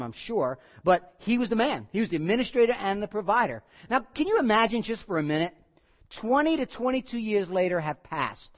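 An animated pastor preaching an expository sermon, with a voice that swings widely in pitch. The delivery is conversational, and key lines get repeated for emphasis. The recording sounds dull and lo-fi. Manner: animated, asks the congregation questions. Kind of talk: sermon, expository Bible teaching.

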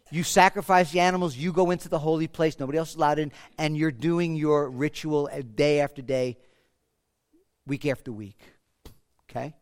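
A man preaching a sermon as pastor, moving from hushed, slow lines to loud, fervent ones. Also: a little high. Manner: passionate preaching, swings from quiet to loud.

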